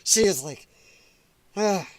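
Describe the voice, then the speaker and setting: A man's voice: high-pitched, lively intonation, takes it slowly, dry recording. Blunt mocking male stream host. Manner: blunt, profane and mocking, laughs often. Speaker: host of a political commentary stream. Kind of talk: live reaction commentary.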